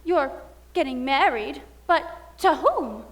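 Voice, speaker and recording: A young woman playing a glamorous showgirl bride in a theatrical, drawn-out style, recorded in an auditorium. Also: sits high, expressive. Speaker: student actress. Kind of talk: stage musical performance. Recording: echoey auditorium with music.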